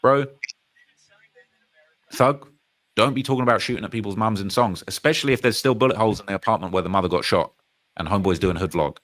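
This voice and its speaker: Speaking fast with long pauses in a lowish voice, a UK live streamer casually and emphatically comments on rap news. He reads out chat messages and tends to repeat phrases.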